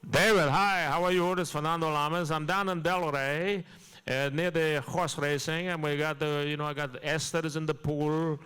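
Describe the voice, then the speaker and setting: A man's voice: on the high side, steady tone, normal speed, a bit bright, slight background noise, pitched above the performer's own voice, close to an everyday voice, low-quality recording. A man doing a suave Latin charmer. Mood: breezy. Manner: silky, flirtatious, calls people darling.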